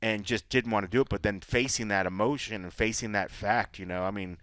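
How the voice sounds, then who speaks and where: A man's voice: on the low side, a little fast, dry recording. Guy co-hosting a podcast, dry studio sound, gets going telling stories. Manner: animated storytelling, rambling. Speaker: podcast co-host. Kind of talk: casual chat.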